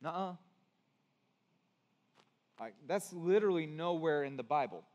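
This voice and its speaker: A man's voice: high-pitched, unhurried, dull audio. A man preaching a sermon as pastor, conversational and building to emphatic peaks. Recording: long reverb of a large hall.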